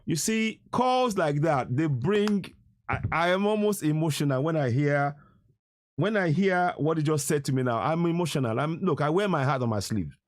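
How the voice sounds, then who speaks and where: A Nigerian man hosts a late-night live stream, his voice a little higher than most. He talks earnestly and with feeling, restarting his sentences as he goes. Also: animated, normal speed. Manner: earnest, emotional, rambling with restarts. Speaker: live stream host taking calls. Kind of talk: casual live-stream talk.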